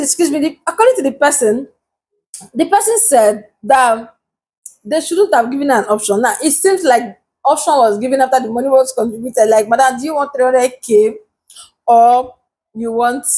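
Nigerian woman, vlogger, high voice, chatty laughing commentary with hiccups. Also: a little mellow. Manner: laughing often while talking. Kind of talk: casual commentary vlog.

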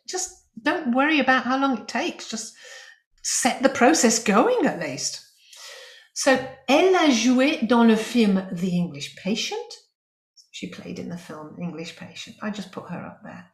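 A woman teaching French in an online lesson, explaining grammar with lively emphasis and spoken French examples. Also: a little high, echoey room.

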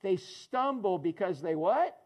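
Guy pastor with a high voice giving a chatty sermon, ribbing the congregation. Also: animated, unhurried, darkish tone. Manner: conversational, teasing congregation members by name. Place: church in front of a congregation.

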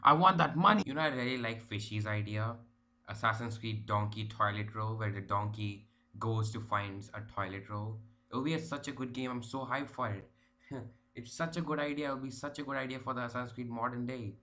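Male gaming vlogger, mid-pitched voice, ranting, profane, stumbling over his words. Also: fairly even intonation, fairly quick, bright, forceful tone. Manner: profane, exasperated rant with many restarts. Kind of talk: casual ranting vlog.

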